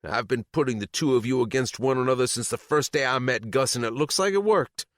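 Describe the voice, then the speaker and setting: A man's voice: mid-range voice, fairly quick, a bit bright, no room sound, clean studio sound, pitched above the performer's own voice, lightly acted. A man voicing a furious, vengeful mother held captive for decades, who shrieks her accusations in an audiobook. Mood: screaming, vindictive. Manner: shrieking, bitter, trembling. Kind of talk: audiobook character reading.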